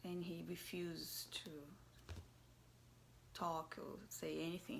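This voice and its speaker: A mother telling a personal story in a soft, halting voice that often drops to a whisper. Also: fairly low pitch, flat delivery, vocal fry, slight background noise. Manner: halting, searching for words.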